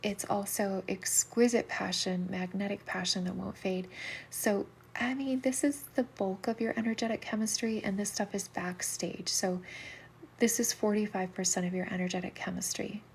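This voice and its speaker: A middle-aged woman giving soulmate readings on a livestream, talking casually in a soft, soothing voice that often drops into a whisper. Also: mid-range voice, steady tone, moderate pace, creaky, slight background noise.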